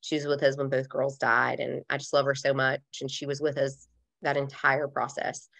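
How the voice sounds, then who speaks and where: A woman with a notably low, deep speaking voice shares a painful personal story as a podcast guest. She talks candidly and emotionally, in a loose conversational way, filling her sentences with "like.". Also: completely flat delivery, moderate pace, gravelly, a bit bright. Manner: candid, emotional, many fillers like "like".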